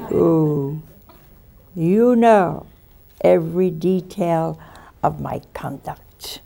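A woman preacher giving a sermon, swinging between loud exclamations and hushed asides and laughing often. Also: low-pitched, drawn-out words, gravelly, pauses often.

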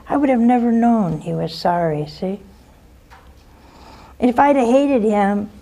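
A woman's voice: mid-range voice, mellow. An older woman, a nun, gives advice to a caller and tells stories from her own life in an earnest, direct way, often ending a point with "huh?" or "see?". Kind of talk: advice talk with personal storytelling.

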